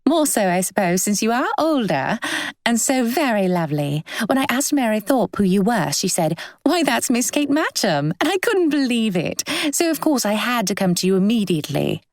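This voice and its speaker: A woman narrator voicing a bubbly, excitable young woman who gushes in breathless chatter. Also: on the high side, normal speed, no room sound, clean studio sound, pitched above the performer's own voice. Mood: gushing.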